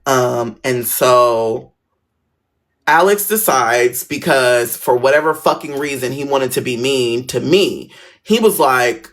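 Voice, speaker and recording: A man telling a personal school story in a casual, animated, swearing style. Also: mid-range voice, slow.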